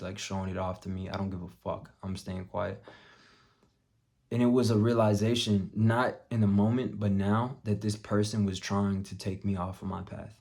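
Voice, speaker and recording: A young man vlogging, telling a story bluntly with plenty of swearing and dropping to a hush for his own thoughts. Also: on the low side. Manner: profane, blunt, drops to a muttered hush for quoted thoughts. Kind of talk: casual storytelling vlog.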